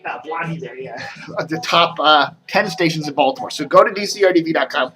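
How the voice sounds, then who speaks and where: A man's voice: on the high side, brisk. A man hosting a casual video show, rambling and reading out figures, his speech a little slurred from a sore in his mouth. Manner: rambling, chatty, reads out numbers. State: talking oddly from a mouth sore. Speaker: host.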